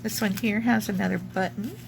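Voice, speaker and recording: Speaking briskly, a junk journal crafter with a medium-pitched, fairly even voice and vocal fry casually displays her crafts despite having the hiccups. She rambles and searches for words with many ums, against audible background noise.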